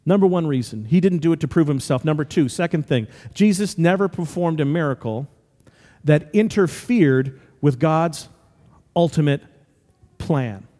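A man preaching a sermon as pastor, animated and acting out voices as he tells stories. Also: fairly high pitch, normal speed. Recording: long hall reverb.

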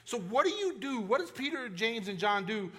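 High, bright-voiced preacher. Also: male voice, very animated, normal speed. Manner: conversational and emphatic, many restarts and asides. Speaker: pastor. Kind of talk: sermon.

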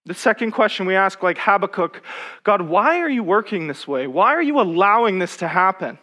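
A man preaching a sermon, reading scripture slowly and then pressing personal questions with rising intensity. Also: high voice, sing-song, bright, forceful tone.

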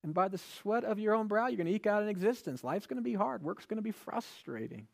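A man's voice: sits high, expressive, fast talker, vocal fry. A male pastor giving a sermon in a conversational way, with rhetorical questions and emphatic repetition.

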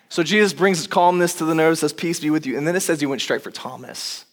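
A man preaching as a pastor, telling the story in a conversational, animated way and acting out quoted lines. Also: fairly high pitch, a little fast, few pauses. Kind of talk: sermon. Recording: long reverb of a large hall.

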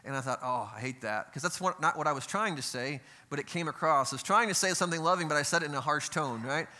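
A man's voice: a little high, fast talker, bright, forceful tone. A middle-aged man, a pastor, preaching a conversational sermon in a church, with asides and rhetorical questions. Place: church sanctuary.

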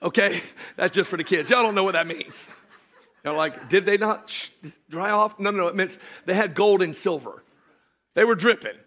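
A man preaching a sermon, animated, swinging from shouted storytelling to hushed joking asides with his congregation. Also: high-pitched, normal speed. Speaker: pastor.

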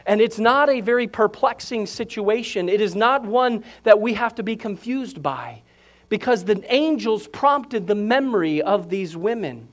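A man preaching a sermon to his congregation, moving from calm explanation to loud, excited proclaiming. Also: sits high, a little slow. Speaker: pastor.

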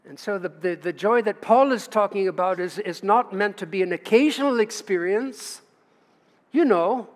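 American pastor preaching, high voice, church echo, leans hard on key words. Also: male voice. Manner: emphatic preaching with long pauses and rising stresses. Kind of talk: sermon. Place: church sanctuary. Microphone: livestream from the pulpit. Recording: long church reverb.

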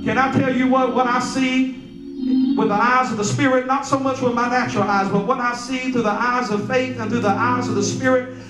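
A man preaching a sermon as pastor, swelling into chanted, sing-song peaks and dropping low and soft when quoting scripture. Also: steady tone, fairly quick, far from the mic. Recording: roomy church hall with music behind.

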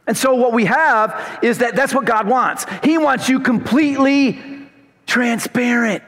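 A man preaching a sermon to a congregation, swinging from emphatic shouts to low, quiet asides. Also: big-room sound. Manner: emphatic, rising to shouts then dropping low.

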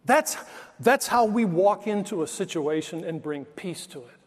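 A man's voice: high-pitched, animated, unhurried, big-room sound. A male pastor preaching a sermon, telling stories in an emphatic, conversational way.

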